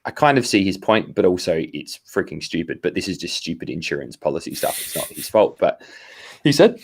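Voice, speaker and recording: Deep-voiced Australian man telling a story. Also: very animated, a little fast, gravelly, slightly rough. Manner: rambling storyteller, quotes others in asides. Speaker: podcast co-host. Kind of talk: casual chat over a video call. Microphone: video call.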